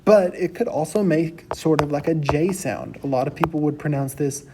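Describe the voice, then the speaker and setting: A male teacher narrating a recorded class lecture, slowly repeating each sound so students can follow along. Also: on the high side, noisy background. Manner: slow, patient letter-by-letter drilling with repetition.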